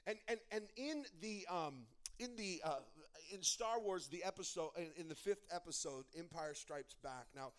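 A young pastor preaches a sermon in a fairly high, clean voice at normal speed with hardly any pauses. His storytelling is animated and full of restarted sentences, its energy rising and falling as he builds to his point.

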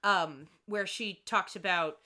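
A woman co-hosting a casual podcast, retelling a TV episode in a wry, profane, animated way. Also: medium pitch, takes it slowly. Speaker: podcast co-host recapping a TV episode. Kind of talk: casual chat.

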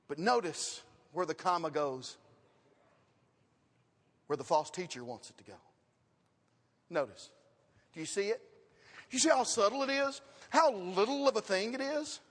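A man's voice: sits high, very animated, unhurried. A man preaching a sermon and teaching his congregation, with questions and emphatic repetition. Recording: long reverb of a hall.

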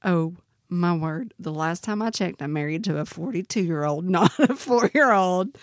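A woman's voice: fairly low pitch, animated, moderate pace, dry recording, clean studio sound. A woman co-hosting a podcast in casual chat, chatty and self-deprecating. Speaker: podcast co-host.

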